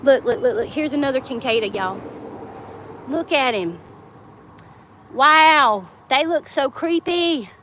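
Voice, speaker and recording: A middle-aged woman with a drawl talks to her phone camera in a loose, rambling way, laughing often. Her voice sits high. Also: lively intonation, takes it slowly, long pauses, fairly bright tone, slight background noise. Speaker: vlogger. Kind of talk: casual livestream chat. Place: home and yard, outdoors at times.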